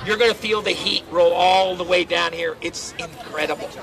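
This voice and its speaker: A loud, teasing middle-aged man with a fairly high voice entertains a waiting crowd outdoors at a theme park. He tells stories and jokes through a handheld voice amplifier. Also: normal speed, creaky, low-quality recording. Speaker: theme park crowd-control cast member. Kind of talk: pre-show crowd warm-up storytelling.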